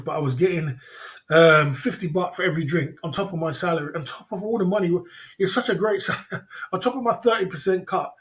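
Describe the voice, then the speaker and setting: A man hosting a livestream, telling rambling stories with many repeats and laughs. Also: on the high side. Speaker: livestream host. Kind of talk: casual storytelling.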